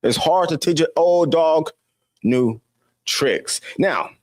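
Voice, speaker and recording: A man's voice: a little high, slow, no room sound, studio quality. A man giving an opinion monologue as a commentator, preachy and scolding, firing off rhetorical questions. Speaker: political commentator.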